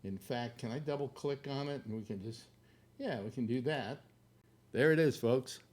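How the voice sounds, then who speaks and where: A man's voice: mid-range voice, moderate pace, a little mellow. A man hosting a casual live stream from home, rambling and joking, out of breath and tripping over fillers. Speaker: host of a live online show. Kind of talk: casual livestream talk over a map.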